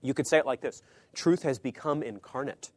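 A man preaches in a mid-pitched voice, recorded dry and close with no room sound. He talks to his listeners in a conversational way and keeps checking in with them. His delivery swings between emphatic, louder lines and sudden hushed, low asides. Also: fairly quick, no echo. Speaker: pastor or Bible teacher. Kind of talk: sermon teaching.

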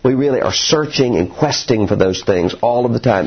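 A man's voice: mid-range voice, normal speed, hardly any pauses, breathy edge. A man preaching a sermon in an earnest, storytelling way, recorded dull and lo-fi. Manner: earnest, animated storytelling with acted quotes.

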